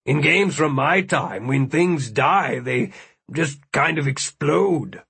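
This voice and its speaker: A man's voice: a little high, animated, takes it slowly, vocal fry, fairly bright tone, slightly rough, dry recording, exaggerated voice. A man voicing a wry, analytical adult man who reasons things out matter-of-factly.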